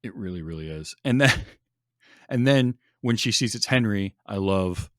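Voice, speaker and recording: A man's voice: lowish voice, expressive, a little slow, fairly bright tone, no room sound, studio quality. A man hosting a podcast in casual chat, enthusiastic, laughing often and restarting his sentences. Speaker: podcast host.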